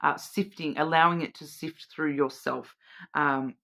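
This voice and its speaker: A woman's voice: deep voice, fairly even intonation, unhurried, gravelly, fairly bright tone. Woman musing through an oracle card reading. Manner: musing aloud, repeating words while searching for meaning; addresses the listener directly, checking in with "okay?". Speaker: card reader.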